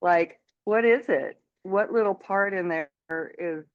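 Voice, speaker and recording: A woman talking with a coach in a chatty, animated way, laughing easily, heard over a video call. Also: mid-range voice, slow pace, no room sound, narrow, tinny audio. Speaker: coaching client. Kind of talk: casual conversation.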